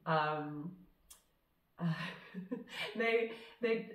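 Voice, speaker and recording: A woman's voice: fairly low pitch, very slow, highs cut off. A woman film director as a podcast guest, chatting casually, laughing often and trailing off with fillers. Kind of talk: casual conversational interview. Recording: roomy sound from a distant mic.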